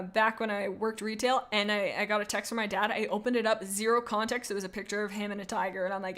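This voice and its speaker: A woman's voice: a little high, a bit bright. A young adult woman streaming live, chatting casually and rambling as she reads chat aloud.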